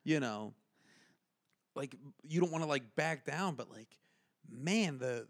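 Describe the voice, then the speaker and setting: A man's voice: a little high, expressive, takes it slowly. A man co-hosting a comedy podcast, telling a bar story in casual chat and quoting people in exaggerated voices. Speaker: podcast co-host.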